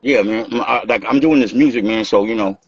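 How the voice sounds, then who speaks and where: A man from Los telling stories in an animated, casual way, acting out what people said and swearing freely. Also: fairly low pitch, brisk, a crowd in the background. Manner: animated, acts out quotes, swears freely, laughs. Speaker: guest, dancer and music maker. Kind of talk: casual storytelling interview. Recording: dull lo-fi sound.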